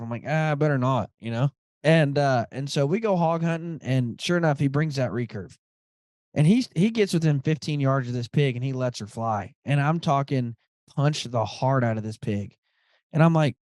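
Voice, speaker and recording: A man hosting a podcast, telling a story in a casual, animated way and acting out the dialogue. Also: mid-range voice, moderate pace, dry recording, clean studio sound. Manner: animated, quotes friends in dialogue, says dude a lot. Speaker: podcast host.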